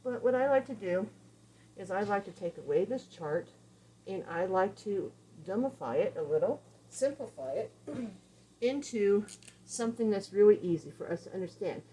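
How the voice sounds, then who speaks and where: A woman dog trainer explains her method in a relaxed, chatty way. Her voice sits at an ordinary middle pitch. A faint hiss of noise runs behind her. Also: normal speed, low-quality recording. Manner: casual, conversational, explains with examples and acted-out quotes. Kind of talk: instructional talk.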